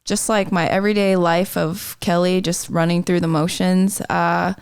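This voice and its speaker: A woman's voice: on the low side, little pitch movement, moderate pace, smooth, no echo, studio quality. A woman chatting as a podcast guest. She is a chatty storyteller who slips into voices when she quotes people. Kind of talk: casual chat.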